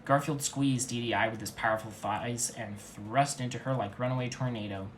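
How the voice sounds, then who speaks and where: A man reads absurd fanfiction aloud in a dead-serious, mock-earnest voice. His pitch sits in the middle, and the delivery stays even and steady. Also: normal speed, slight background noise. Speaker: fanfiction reader. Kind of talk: comedic deadpan story reading.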